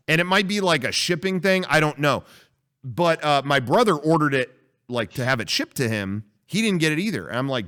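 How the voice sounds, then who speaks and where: A man's voice: on the high side, big pitch swings, a little fast, a bit bright. A man co-hosting a casual podcast, telling a rambling story with frequent swearing. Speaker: podcast co-host.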